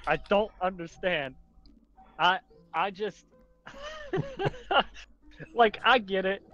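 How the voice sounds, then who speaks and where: A man's voice: high voice, wildly swooping pitch, drawn-out words, fairly bright tone, soft background music. A man from the Carolinas with a mild Southern accent, a podcast guest rambling through exasperated stories with frequent laughs. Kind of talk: casual chat. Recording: dull lo-fi voice chat audio.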